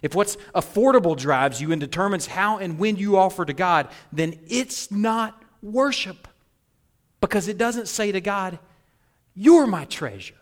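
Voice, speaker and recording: A man preaching a sermon, storytelling animatedly and swinging from hushed to loud. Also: sits high, a little slow. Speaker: pastor.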